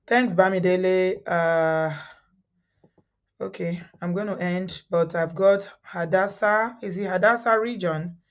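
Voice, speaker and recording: A woman's voice: on the low side, steady tone, a little slow, highs cut off. A woman hosting a live call-in show, firmly moderating callers and the chat. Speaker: host.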